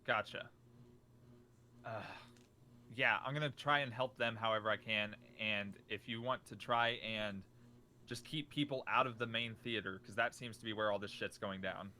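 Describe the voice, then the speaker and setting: Male player, forceful bright tone, cussing, casual. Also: lowish voice, moderate pace, a little hiss or hum. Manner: swearing, excited. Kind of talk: casual play at the table.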